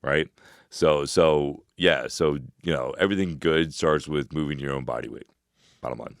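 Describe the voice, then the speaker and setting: A man in his forties co-hosting a casual advice podcast, giving fitness tips in a rambling way with loud laughs. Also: extremely low pitch, no room sound, studio quality. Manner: laughs loudly, talks fast with restarts. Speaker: podcast co-host.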